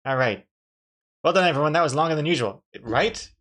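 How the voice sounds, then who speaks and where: A man's voice: fairly high pitch, lively intonation, fairly quick, a bit bright. A male streamer giving chatty live-stream commentary on a drawing game, reacting with frequent laughs.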